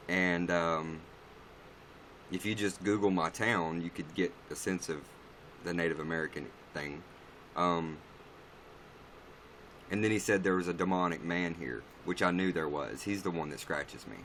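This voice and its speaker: A man's voice: deep voice, normal speed, pauses often, fairly bright tone, slight background noise. A man chatting casually on a livestream, answering viewer comments in a blunt, rambling, profane way.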